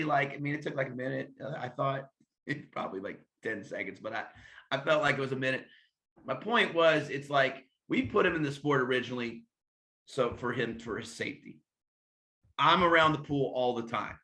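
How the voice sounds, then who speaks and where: A man who is a head swim coach, speaking casually in an interview and telling lively anecdotes while acting out bits of dialogue. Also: medium pitch.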